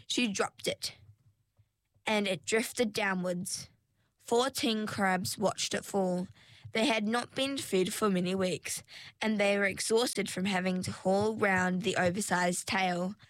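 A woman reading a storybook aloud in a slow, measured way. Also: medium pitch, no echo.

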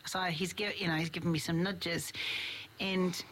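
A woman with a fairly low voice co-hosts a relaxed conversation. She muses out loud and laughs easily, and a faint hum sits under the recording. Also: moderate pace. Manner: reflective, laughs often. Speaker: podcast co-host. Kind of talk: casual chat.

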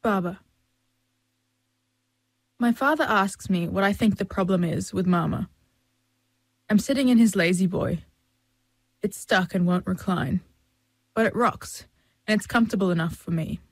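A woman reading a first-person story as an audiobook, in a measured storytelling manner and close to the mic. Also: mid-range voice, no room sound. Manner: measured storytelling, voicing family and friends in dialogue. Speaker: audiobook narrator.

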